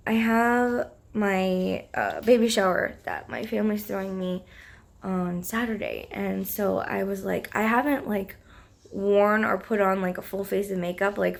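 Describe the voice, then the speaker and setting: A young woman vlogging in a casual, chatty way, giggling often and filling her talk with "like" and "um," with a slightly rough morning voice. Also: medium pitch. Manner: chatty, giggly, lots of fillers. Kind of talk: casual vlog chat.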